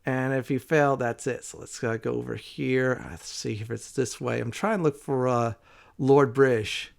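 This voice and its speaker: A man's voice: mid-range voice, steady tone, moderate pace, vocal fry. A man hosting a casual let's play video, rambling through his gameplay commentary with frequent "uh" fillers.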